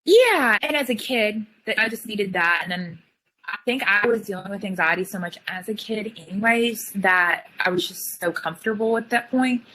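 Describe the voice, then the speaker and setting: A young woman telling her own story in casual chat, full of "like" fillers and quick retellings. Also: mid-range voice, animated, pushed and bright, rough recording. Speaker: guest sharing her story.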